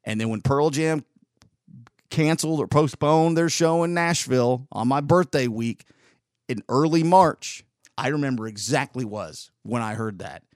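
A man's voice: medium pitch, unhurried, no echo, clean studio sound. A man, rambling through an opinionated casual monologue as a podcast host. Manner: rambling, opinionated, with frequent restarts.

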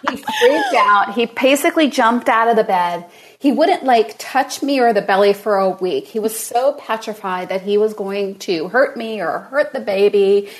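A woman on a podcast panel in casual chat, telling stories in an animated way and acting out quotes. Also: mid-range voice, normal speed, a little hiss or hum. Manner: animated storyteller, acts out quotes.

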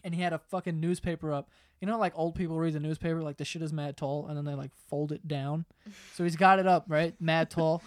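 Lively young man telling stories. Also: a little high, a little fast, no echo. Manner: animated, laughing, swearing, acts out quotes loudly. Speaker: podcast host. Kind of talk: casual storytelling among friends.

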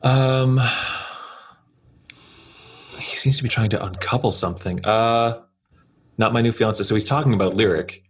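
Husky, low-voiced man playing a tabletop game. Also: a little slow, pauses often. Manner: hesitant, thinking aloud. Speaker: player. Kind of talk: casual tabletop play.

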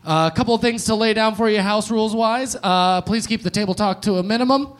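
A young man works a comedy club crowd from the stage with a handheld mic, his voice sitting fairly high. He riffs in a sardonic, loose way, swearing casually between jokes. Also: quick pace. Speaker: stand-up comedian and host. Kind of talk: stand-up comedy set.

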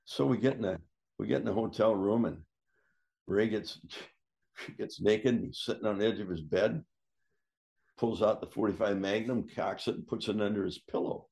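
A man telling a casual anecdote, animated and jumping up in pitch when he acts out what others said. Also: moderate pace, gravelly, long pauses. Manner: animated, acts out quoted voices with big pitch jumps. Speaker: storyteller guest.

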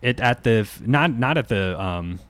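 A man's voice: medium pitch, expressive, normal speed, clean tone, dry recording. A man, co-hosting a podcast, telling a profane, ranting story in casual chat. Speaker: podcast co-host.

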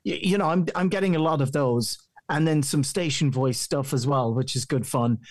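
Irish radio guy rambling away in an interview, kinda high voice, super dry sound. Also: normal speed, no echo. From Ireland. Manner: chatty, rambling, animated. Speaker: radio presenter and voice-over artist, guest. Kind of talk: conversational interview.

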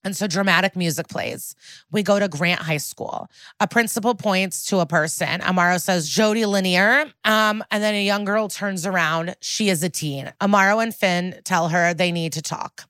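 A woman with a fairly low voice co-hosts a podcast, casually recapping a TV episode at normal speed. She's animated, acting out the characters' lines and swearing freely as she comments, in a dry, clean studio recording.

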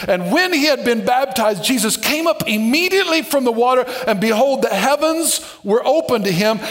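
Pastor, male, high-pitched; dynamic sermon delivery, joking and then shouting for emphasis. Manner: dynamic, swings from soft asides to shouted emphasis; playful, with humorous asides and call-outs to the congregation.

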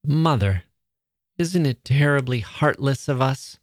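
A man's voice: mid-range voice, animated, slow, dry recording, clean studio sound, pitched above the performer's own voice. A man reading aloud, voicing an anxious, tender-hearted young woman who pleads earnestly. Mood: pleading.

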